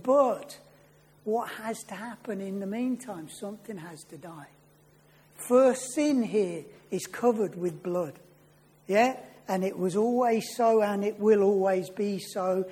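A man's voice: sits high, a little mellow. A man preaching a sermon in an earnest way, often putting questions to his listeners.

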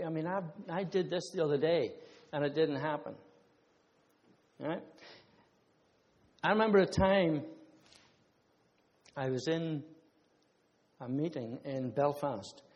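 A man's voice: a little high, dark tone. A man preaching a conversational sermon, mixing scripture with personal testimonies and asides to the congregation. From Ireland. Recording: long hall reverb.

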